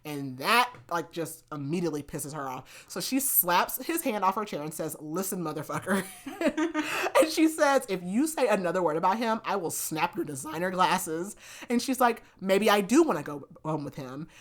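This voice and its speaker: A woman's voice: on the low side, very animated, normal speed. A young woman casually recapping a romance novel for a podcast, chatty and full of fillers like "like". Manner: chatty, filler-heavy retelling with lots of "like". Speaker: book review podcast host.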